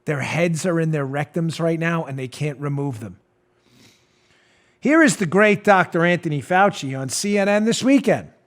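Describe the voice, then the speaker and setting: Male commentary host with a slightly high voice. Sarcastic and mocking, on a studio mic. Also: animated, normal speed. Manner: sarcastic, mocking, laughs at his own jabs. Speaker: political talk show host. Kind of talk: opinionated commentary.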